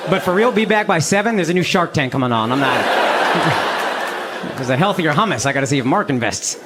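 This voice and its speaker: A man's voice: fairly high pitch, brisk, very noisy. Brash American man doing stand-up. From Texas. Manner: brash, profane, animated crowd work. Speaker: stand-up comedian. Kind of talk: stand-up comedy. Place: comedy stage before a live audience. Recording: live stage recording with audience.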